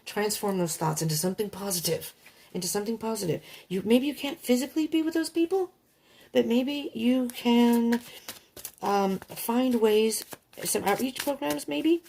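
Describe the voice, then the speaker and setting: A woman's voice: a little high, normal speed, creaky, warm tone, slight background noise. A woman reading tarot cards for her viewers in an emphatic, chatty way, repeating her warnings. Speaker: tarot reader. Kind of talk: monthly tarot card reading.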